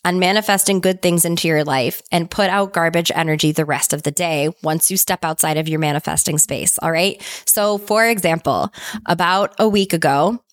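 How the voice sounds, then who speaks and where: A woman in her thirties giving casual, earnest advice, telling stories in an animated way. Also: lowish voice, moderate pace, no echo, clean studio sound. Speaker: manifestation vlogger.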